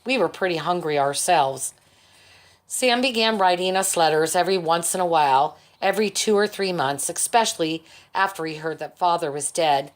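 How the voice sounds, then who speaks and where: A woman reading a chapter of a novel as an audiobook, measured, lifting her voice for the quoted characters. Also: lowish voice. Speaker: audiobook reader. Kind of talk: audiobook narration.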